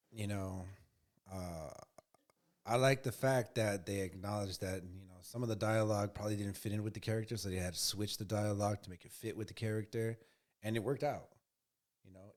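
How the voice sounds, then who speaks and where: Lowish voiced guy chatting about a movie, rambles, lots of uh and you know. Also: darkish tone. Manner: rambling, lots of fillers and repeats. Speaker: co-host. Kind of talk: casual movie review chat.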